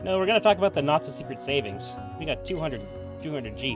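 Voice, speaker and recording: A chatty man joking his way through a video game stream, with a lively, animated pitch. Game music sounds clearly behind him. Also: quick pace. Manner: chatty, joking, reading game text aloud. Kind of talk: casual let's play commentary.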